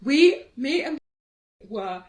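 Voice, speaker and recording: A woman's voice: sits high, very animated, extremely slow, darkish tone. A young woman co-hosting a podcast, telling rambling stories and giggling. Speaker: podcast co-host. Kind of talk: casual chat.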